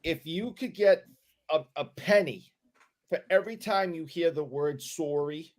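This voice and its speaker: A man's voice: fairly high pitch, unhurried. Stammering male podcast co-host. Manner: sheepish, stumbling storytelling. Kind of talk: casual chat.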